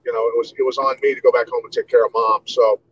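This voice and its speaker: A man's voice: mid-range voice, quick pace. 50s guy from iowa, laid back storytelling, mid voice, kinda lo-fi with faint hiss. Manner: relaxed storyteller, many "you know"s. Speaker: guest, martial artist. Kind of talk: casual interview storytelling.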